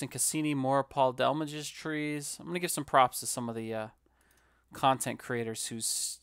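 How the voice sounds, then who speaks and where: Gravelly joking male streamer. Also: medium pitch, no room sound, clean studio sound. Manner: joking, rambling, self-mocking. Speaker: live streamer building a city. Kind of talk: casual live-stream commentary.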